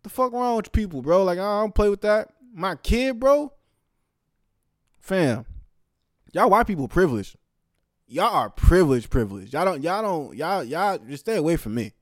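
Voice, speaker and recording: A man's voice: big pitch swings, normal speed, pauses often, no room sound, studio quality. Profane, fired-up young man ranting. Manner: profane, heated, swings from loud outbursts to low mumbling asides. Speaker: commentator. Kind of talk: casual ranting commentary.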